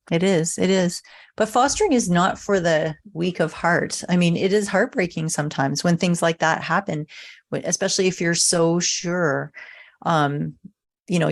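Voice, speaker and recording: Canadian foster mom guest, forties, slightly low voice, encouraging and heartfelt. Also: female voice, gravelly. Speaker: podcast guest, foster mother. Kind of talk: casual conversational interview.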